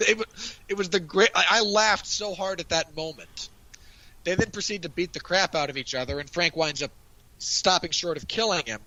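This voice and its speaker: A man's voice: on the high side, bright, forceful tone, no echo, muffled recording. A man chatting casually on a podcast, animatedly recapping a TV episode and acting out lines of dialogue. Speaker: podcast co-host. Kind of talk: casual review chat.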